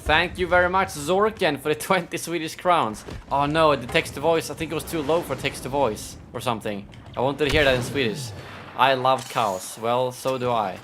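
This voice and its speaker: A man with a slightly high voice talks briskly, barely pausing, while live-streaming a shooter game. He chats casually, thinks out loud, grumbles about his own play, and thanks donors, with clear background noise in the recording.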